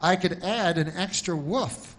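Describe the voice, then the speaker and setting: A man's voice: high voice, measured pace, a bit bright, pitched above the performer's own voice. A man voicing a fussy, overly helpful telegram clerk in a chatty way.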